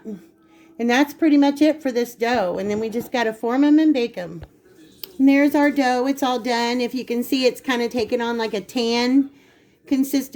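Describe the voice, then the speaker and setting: A woman hosting a casual cooking vlog in her home kitchen, chatty and quick to laugh at herself. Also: on the high side, darkish tone. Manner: chatty, laughing, self-teasing.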